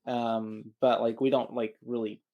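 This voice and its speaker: A man co-hosting a podcast, with a voice at an average pitch. He talks loosely and agreeably, filling gaps with "um" and "like" and chiming in with quick "mm-hmm"s. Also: flat delivery, lo-fi sound. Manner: loose, agreeable, many fillers and backchannels. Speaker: podcast co-host. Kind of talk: casual chat recapping a film.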